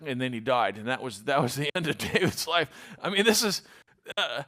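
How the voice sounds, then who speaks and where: A man's voice: mid-range voice, big pitch swings, moderate pace, bright, forceful tone. A man giving a conversational Bible lesson. He retells scripture in a folksy, everyday way and reads old-style verses aloud. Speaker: Bible teacher.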